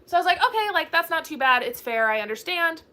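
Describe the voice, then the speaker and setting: A woman's voice: extremely high pitch, sing-song, quick pace, sharp tone. A young woman hosting a casual book chat, telling a bubbly story and acting out the quoted dialogue. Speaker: book channel host.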